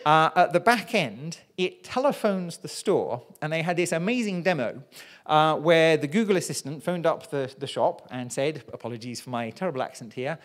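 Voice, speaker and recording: Presenter at a pub science night, chatty and self-deprecating, mid-pitched voice. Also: lively intonation, a little fast. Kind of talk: public science talk. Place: live pub science event.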